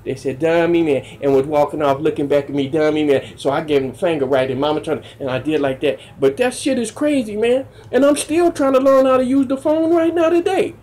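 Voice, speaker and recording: A man doing stand-up, telling rough profane stories in an animated way and jumping into loud high exclamations. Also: a little fast, hardly any pauses. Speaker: stand-up comedian. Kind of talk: stand-up storytelling.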